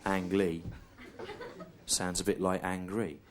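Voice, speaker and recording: A middle-aged English man doing a deadpan stand-up routine, telling a slow, repetitive story on a theatre stage. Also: sits low. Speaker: stand-up comedian. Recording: clear audience noise behind. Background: audience laughter.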